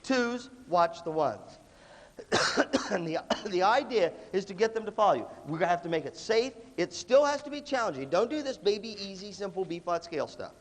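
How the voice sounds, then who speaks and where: A middle-aged man leading a workshop for students, energetic and playful, often acting out other people's voices. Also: high-pitched, normal speed. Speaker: music clinician. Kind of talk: animated workshop talk to students. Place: large hall with a live audience. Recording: hall reverb from a big room.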